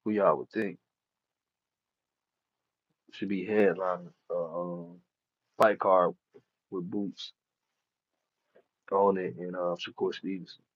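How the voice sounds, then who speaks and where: A man's voice: sits low, little pitch movement, takes it slowly, pauses often, dry recording, muffled recording. A man chatting casually about boxing, heavy on street slang and profanity, laughing often. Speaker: boxing commentator. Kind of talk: casual chat.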